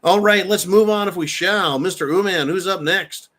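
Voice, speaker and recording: Male stream host, swearing, mocking, ranting, forceful bright voice. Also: high-pitched, moderate pace. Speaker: host reading viewer chat. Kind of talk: live-stream commentary.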